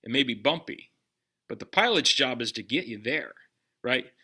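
A man preaching a sermon in a conversational way, putting direct questions to his listeners and dropping his voice low on key lines. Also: lively intonation, moderate pace, pushed and bright, breathy edge. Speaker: pastor.

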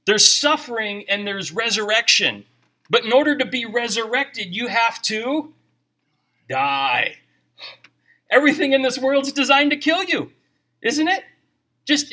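Bright high-voiced male pastor preaching. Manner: conversational preaching with jokes and scripture reading. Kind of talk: sermon.

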